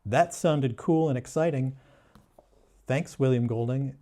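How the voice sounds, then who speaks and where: Deadpan guy doing a sarcastic book review, slow and mellow, mid pitch. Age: adult. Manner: deadpan mock-serious. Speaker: booktuber.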